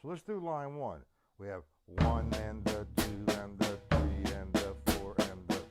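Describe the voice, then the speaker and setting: A man teaching a drum lesson, counting the beats aloud slowly and emphatically. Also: lowish voice, over loud music. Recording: loud drum kit over voice. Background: loud drums.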